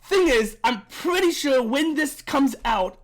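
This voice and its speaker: High-voiced, excitable young man. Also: unhurried. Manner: enthusiastic, rambling, fanboying with frequent restarts. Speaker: gaming video creator. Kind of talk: excited game update commentary.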